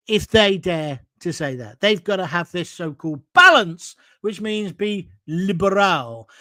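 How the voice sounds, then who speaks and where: Blunt, high-voiced man ranting. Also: fairly bright tone, dry recording, studio quality. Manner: combative, blunt, mocking toward critics. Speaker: host of his own online show. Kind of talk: opinionated chat, reading viewer comments.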